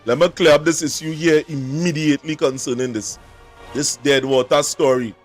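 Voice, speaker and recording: A man's voice: a little high, fairly even intonation, moderate pace, soft background music. Emphatic Trinidadian man hosting a show. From Trinidad and Tobago. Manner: dramatic, insistent, addresses viewers directly. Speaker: show host. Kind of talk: emphatic commentary.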